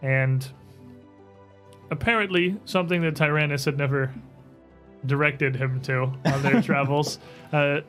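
A man narrating as game master, relaxed and halting, with many fillers. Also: a little high.

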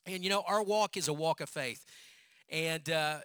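A male pastor preaching a sermon as an animated storyteller who repeats phrases for emphasis. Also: fairly high pitch, normal speed, clean tone, dry recording.

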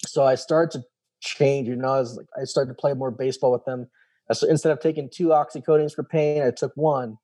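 Man, thirties, mellow warm tone, mid pitch, animated storyteller, casual interview. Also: brisk. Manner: animated storytelling, acts out quoted voices, casual swearing. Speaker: guest, former special operations soldier.

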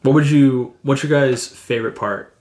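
A man's voice: mid-range voice, normal speed. Reflective male podcaster, echoey room. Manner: animated, reflective storyteller. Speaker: podcast co-host. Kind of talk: casual chat.

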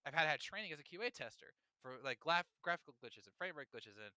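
A young man hosting a casual podcast, ranting in a playful, animated way. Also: a little high, fast, no echo. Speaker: podcast host.

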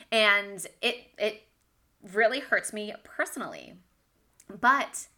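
A woman's voice: mid-range voice, sharp tone. A woman giving a devotional teaching talk to other Christian moms, candid and conversational, often laughing at herself.

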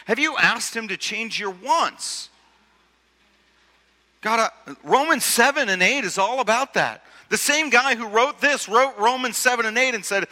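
A man preaches in a high, very bright, ringing voice, leaning on rhetorical questions and repeating himself as he goes. His sermon comes across casual and conversational. A long reverb trails off each phrase in the big hall. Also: lively intonation, normal speed. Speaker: pastor.

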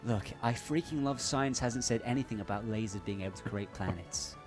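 A man's voice: lowish voice, a little fast, over music. A man co-hosting a comedy podcast, teasing and bantering casually. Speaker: podcast co-host.

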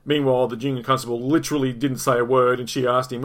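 A man's voice: mid-range voice, level tone, fast talker, hardly any pauses. A middle-aged Australian man hosting a podcast, telling a story in a rambling, profane way, repeating words and restarting sentences. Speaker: podcast host. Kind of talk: casual storytelling monologue.

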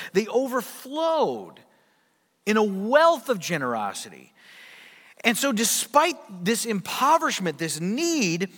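A male pastor delivers a sermon in a fairly high voice. He is emphatic and poses rhetorical questions, moving from loud to quiet. His words carry through a hall with long reverb. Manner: emphatic, rhetorical questions, big swings in loudness.

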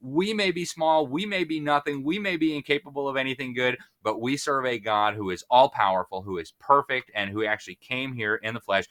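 A man giving impassioned interview commentary with the force of a preacher. His voice is bright and sharp, and he presses hard on his points. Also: mid-range voice, a little fast, few pauses. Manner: fervent, preacher-like emphasis. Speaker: guest.

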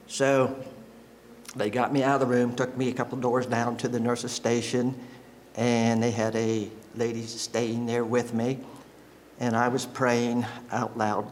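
A man's voice: medium pitch, level tone, slight background noise. Emotional man telling a church testimony. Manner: emotional, halting storytelling that breaks into laughter. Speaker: church member giving a testimony. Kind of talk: personal testimony told to a congregation.

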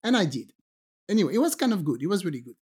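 Lively woman telling a strange story, a bit low-pitched. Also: racing, slightly rough. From Guadeloupe, French Caribbean. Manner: animated, acts out quoted voices, many restarts. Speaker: podcast co-host telling a story. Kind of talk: casual storytelling chat.

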